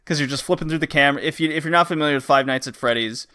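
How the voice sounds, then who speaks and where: Racing through his thoughts, a man with a slightly high, bright, forceful and smooth voice hosts a casual game podcast. He rambles, fills gaps with uh and um, and acts out game lines while reviewing recent releases.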